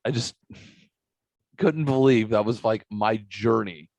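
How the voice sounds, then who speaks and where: A man's voice: on the low side, takes it slowly, gravelly, a little mellow, no room sound. Profane rambling podcast guy. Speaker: podcast co-host. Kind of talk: casual podcast banter.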